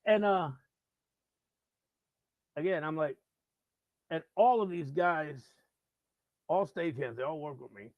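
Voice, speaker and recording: A man, a radio host, telling a rock-and-roll story casually and acting out the people in it loudly. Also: fairly high pitch, slow, pauses often, dry recording, muffled recording. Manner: animated, acts out quoted voices loudly. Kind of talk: casual live-stream storytelling.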